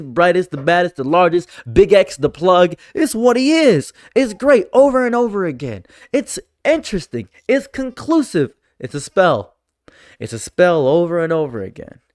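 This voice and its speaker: A man delivering a sarcastic, exasperated political commentary rant, jumping his voice up for mocking asides. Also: no room sound. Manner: sarcastic, exasperated, swings pitch for mock voices. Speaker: commentary streamer.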